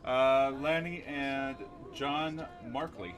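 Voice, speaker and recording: A man's voice: mid-range voice, fairly even intonation, slow, fairly bright tone, muffled recording, soft background music. A man streaming a driving game, chatting casually and dryly about his run. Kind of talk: casual gameplay commentary.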